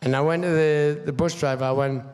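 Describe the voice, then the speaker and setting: A man's voice: fairly high pitch, fairly even intonation, a little fast, darkish tone. A man in his fifties with a Geordie accent, telling rambling, swear-filled stories on stage as a guest speaker. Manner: swearing, rambling storyteller with restarts. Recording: stage mic in a reverberant hall.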